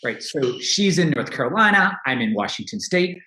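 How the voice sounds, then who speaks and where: A man's voice: medium pitch, sing-song, moderate pace, sharp tone, reverberant. A man speaking as a podcast guest, talking candidly and reflectively about his own life, often restarting and laughing. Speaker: podcast guest, money coach. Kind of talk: casual interview talk.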